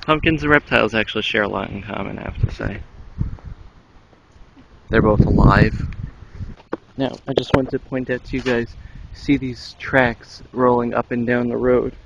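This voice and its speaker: A man's voice: mid-range voice, fairly even intonation, normal speed, creaky, highs cut off, noisy background. A young man vlogging with dry, joking commentary while walking outdoors at an orchard, on a handheld camera mic. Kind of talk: casual outdoor vlog.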